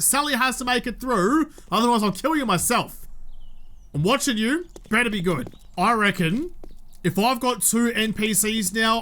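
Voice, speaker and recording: A young Australian gaming YouTuber with an extremely high, bright, forceful voice delivers chatty let's-play commentary. He jumps between topics and talks to the game's characters.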